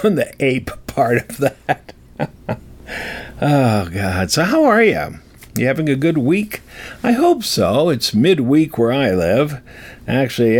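A man talks slowly and casually to his viewers, his pitch rising and falling freely. He rambles and makes fun of himself. He chuckles often between his words. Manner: self-mocking, rambling, chuckling. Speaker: vlogger. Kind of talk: casual chat to camera.

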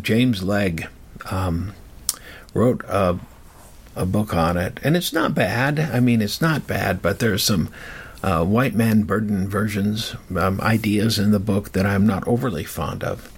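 A man recounts a personal story in a rambling, halting way. His voice is low and gravelly with a husky edge. He pauses often with fillers and restarts. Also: lively intonation.

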